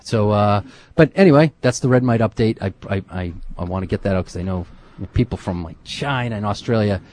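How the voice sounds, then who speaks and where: A man's voice: on the low side, fairly quick, a little mellow. Rambling middle-aged man, casual chat. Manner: rambling, many restarts and fillers. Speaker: co-host and youth football coach.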